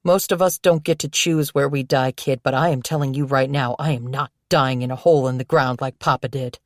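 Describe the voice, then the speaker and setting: A woman's voice: rumbling low, fairly even intonation, fairly quick, dry recording, studio quality. A woman voicing a weary, desperate one-legged former soldier who pleads with urgent exasperation. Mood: grim.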